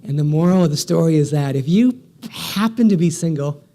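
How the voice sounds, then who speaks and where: Man, 40s, keynote speaker, motivational speech, energetic storytelling, punchy rhythm, fairly high voice. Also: brisk.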